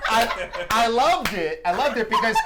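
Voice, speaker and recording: A man's voice: high voice, sing-song, moderate pace, heavy background noise. A male comedian guest telling a story in casual chat, dry and self-deprecating.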